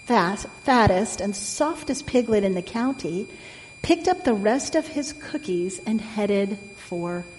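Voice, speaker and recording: A woman reading a picture book aloud in a gentle way, asking the listener questions, recorded in an echoey room with a faint hum. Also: mid-range voice, animated, slow. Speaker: storyteller.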